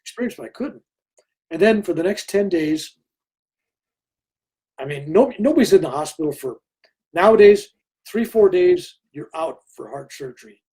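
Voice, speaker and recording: Brief: older male guest, husky and warm, a lively storyteller who slips into others' voices. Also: high-pitched, moderate pace, pauses often. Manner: animated storyteller who acts out other people's lines. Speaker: interview guest. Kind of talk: storytelling in conversation.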